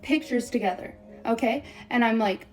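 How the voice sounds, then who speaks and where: A young woman telling a breakup story on a vlog, blunt and profane, swearing constantly in rapid run-on sentences. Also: on the high side, faint music behind.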